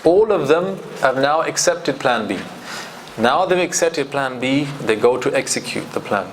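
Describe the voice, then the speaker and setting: A man teaching a scripture commentary lesson in a lively way, acting out quoted speech and reciting Arabic verses. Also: mid-range voice, unhurried, a little hiss or hum.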